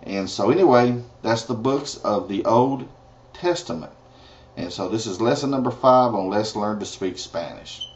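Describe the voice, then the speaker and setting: A man teaching a language lesson, pronouncing each word slowly and carefully and adding casual asides. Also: lowish voice, animated. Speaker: Spanish teacher. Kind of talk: slow, deliberate language lesson. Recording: dull lo-fi recording.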